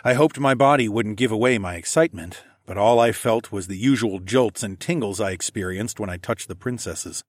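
Low-voiced man narrating a fantasy story. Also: moderate pace, hardly any pauses, no room sound, studio quality. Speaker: audiobook narrator. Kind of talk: first-person fantasy narration.

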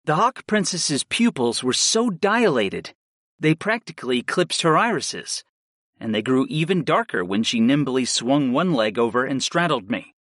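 A man reading a first-person story aloud in a steady, measured narration style. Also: medium pitch, no room sound, studio quality. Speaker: audiobook narrator.

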